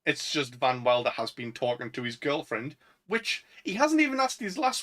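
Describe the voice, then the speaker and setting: A man's voice: mid-range voice, very animated, moderate pace, a bit bright, poor audio. A young man with a Northern English accent, co-hosting a casual podcast chat and rambling with lots of fillers. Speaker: podcast co-host.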